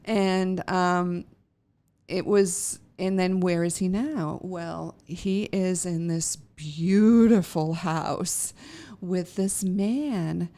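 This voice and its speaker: A woman's voice: lowish voice, fairly even intonation, drawn-out words, mellow. A middle-aged woman hosting a podcast, telling a personal story casually and emotionally, with frequent laughs and many fillers and restarts. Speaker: podcast host.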